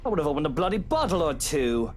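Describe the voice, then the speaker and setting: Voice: mid-range voice, big pitch swings, quick pace, faint music behind, close to an everyday voice. An actor voicing a smug, menacing male villain in a horror visual novel, speaking in a sarcastic, mock-friendly manner.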